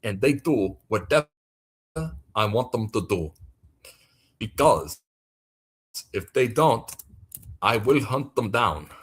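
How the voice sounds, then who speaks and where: A man doing a slow, menacing self-styled goddess. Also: lively intonation, husky, heavily acted. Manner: slow, low and threatening.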